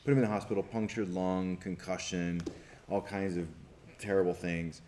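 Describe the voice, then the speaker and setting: A documentary filmmaker, a man with a deep voice, tells a story on a festival panel at normal speed, animated and acting out quotes, restarting often. There is slight background noise.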